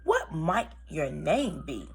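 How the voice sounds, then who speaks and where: A woman voicing a sly, smooth-talking male wolf in a read-aloud storybook, with an oily, mock-polite manner. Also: sits low, big pitch swings, takes it slowly, exaggerated voice.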